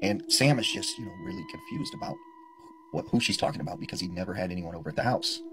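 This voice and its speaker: A man's voice: medium pitch, wildly swooping pitch, fast, noisy background. A man casually telling a creepy story, full of fillers like "you know" and "like.". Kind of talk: spoken scary story telling. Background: music.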